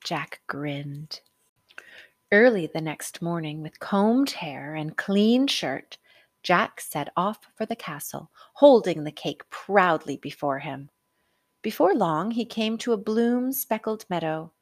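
Female narrator for a picture book read-aloud; lowish voice, animated and slow. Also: no room sound, studio quality. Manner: expressive, unhurried, dramatic. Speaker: storyteller.

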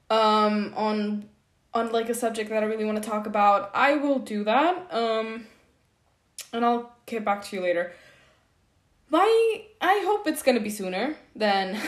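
A young woman hosting her own podcast, talking casually and nervously, with lots of fillers and restarts. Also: mid-range voice. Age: young adult. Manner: rambling, filler-heavy, self-deprecating. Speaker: podcast host. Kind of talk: casual solo podcast update.

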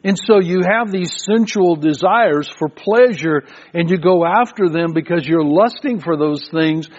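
A man's voice: a little high, a little slow. An older man preaching a sermon as pastor, telling stories in a conversational way and often repeating words as he goes. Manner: conversational storytelling preacher with frequent repetitions. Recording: muffled, lo-fi sermon recording.

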